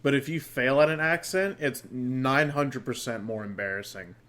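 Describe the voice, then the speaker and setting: A man's voice: mid-range voice, normal speed. Laid-back American man hosting a podcast. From United States. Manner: relaxed, chatty, laughs often. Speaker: podcast host. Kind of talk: casual podcast chat.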